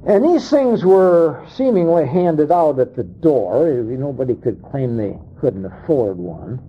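Slow, husky man preaching a sermon. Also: big pitch swings. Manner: dramatic, acting out quoted voices with sharp swings in pitch and pace. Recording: dull lo-fi sound.

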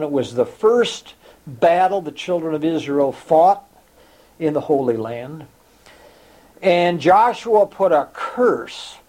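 A man preaching a sermon, reading scripture aloud and explaining it, with a slow, dramatic delivery that sometimes drops to a near whisper. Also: a little high, dark tone, breathy edge, low-quality recording. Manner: reads quotations in old-fashioned scripture wording.

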